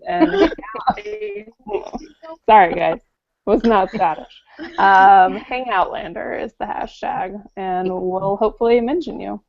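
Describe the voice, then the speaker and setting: A woman's voice: medium pitch, takes it slowly, vocal fry, pauses often, a crowd in the background. Woman cohost cracking quips, trips over words, dull call sound. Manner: quippy, stumbling over words. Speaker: co-owner and co-host. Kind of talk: casual chat. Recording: muffled lo-fi call audio.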